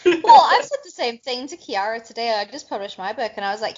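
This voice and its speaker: A woman's voice: a little high, big pitch swings, quick pace, a little mellow. Bubbly woman, lo-fi. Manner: bubbly, laughs often. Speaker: podcast co-host. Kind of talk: casual chat. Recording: dull lo-fi podcast audio.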